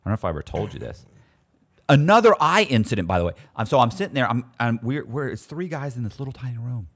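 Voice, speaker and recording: A man telling stories in casual chat, animated and often restarting his sentences. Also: medium pitch, fast talker. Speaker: guest storyteller.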